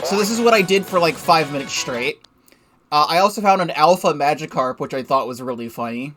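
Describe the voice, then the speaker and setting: A man's voice: fairly high pitch, animated, a little fast, a bit bright, faint music behind. A young man giving casual, rambling game commentary from his desk, swearing freely and laughing at himself. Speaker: let's play gamer.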